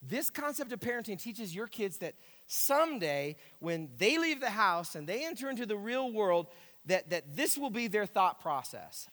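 Emphatic male pastor preaching, a high and lively voice, echoing hall. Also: moderate pace. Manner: animated, emphatic, repeats key phrases. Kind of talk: sermon. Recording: echoey hall.

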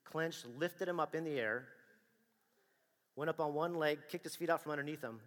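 A man telling a personal story to an audience in a dramatic, animated way, acting out the dialogue and the action. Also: a little high, moderate pace, long reverb tail.

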